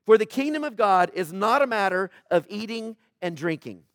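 A man preaching a sermon as pastor, talking in a casual way, swinging between loud exhortation and quiet emphasis, with jokes for the congregation. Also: high-pitched, expressive, moderate pace, no room sound, studio quality. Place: church.

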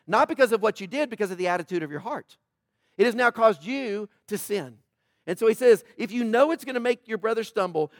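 A man pastor delivers a sermon in a high, bright voice, caught close and dry. He talks to the congregation casually, joking, then pushes hard with loud pleas before dropping to quiet emphasis. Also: no echo. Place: church.

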